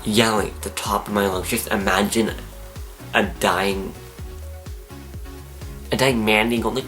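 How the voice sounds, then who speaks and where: Excitable teen guy telling a story. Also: lowish voice, a little slow, soft background music. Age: teens. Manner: excitable, animated, acts out his own screams and whispers. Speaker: vlogger. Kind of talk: storytelling to camera.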